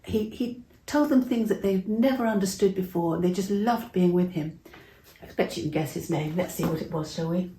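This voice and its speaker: A woman's voice: fairly low pitch, brisk, echoey room, a little hiss or hum, low-quality recording. Older woman telling children a story. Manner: warm, interactive, asks children questions.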